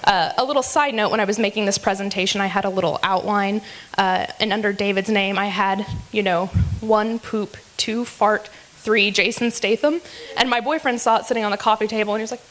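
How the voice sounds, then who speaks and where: A woman's voice: medium pitch, fairly quick, fairly bright tone. A woman hosting a live comedy roast, teasing speakers with a giggly, filler-heavy delivery. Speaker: roast emcee.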